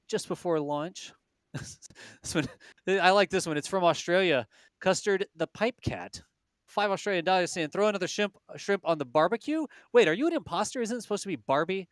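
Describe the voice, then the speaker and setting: In a dry recording, a South Texas-accented livestream co-host gives casual live commentary on a launch stream. His voice sits high, and he's folksy, chatty and quick to laugh.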